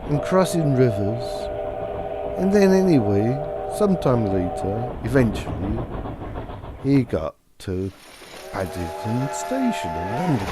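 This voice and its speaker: Slow, lively male storyteller. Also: medium pitch, heavy background noise. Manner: meandering, repetitive. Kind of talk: improvised comic storytelling.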